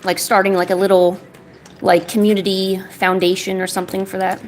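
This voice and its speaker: A woman's voice: medium pitch, flat delivery, fairly quick, slight background noise. A woman chatting casually on an art livestream, playfully scolding her cat in a mock-stern voice.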